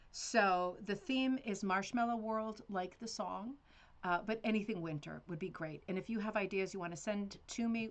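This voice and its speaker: Chatty woman hosting a craft livestream. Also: medium pitch. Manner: chatty, rambling, with fillers and laughs. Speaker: host of a rug hooking club livestream. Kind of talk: casual livestream chat.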